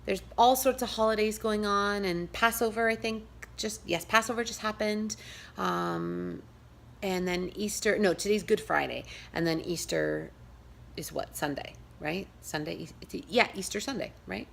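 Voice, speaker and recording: A woman's voice: mid-range voice, lively intonation, normal speed, gravelly, a little hiss or hum. A woman with a New York accent hosting a pagan channel, chatting in a rambling, casual vlog style and laughing often.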